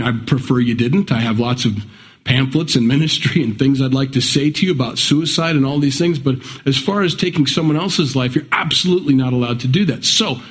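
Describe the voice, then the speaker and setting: A male pastor delivering a sermon in an easy, conversational way. He reads scripture aloud plainly and climbs higher in pitch when he voices urgent appeals to his listeners. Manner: conversational preaching that rises in pitch for emphatic quoted pleas.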